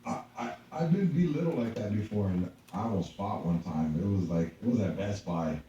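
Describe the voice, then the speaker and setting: Laid-back low-voiced man, echoey and distant. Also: expressive, moderate pace, warm tone, a little hiss or hum. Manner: laid-back, blunt, swearing. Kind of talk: casual chat. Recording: echoey room from far off, dull lo-fi.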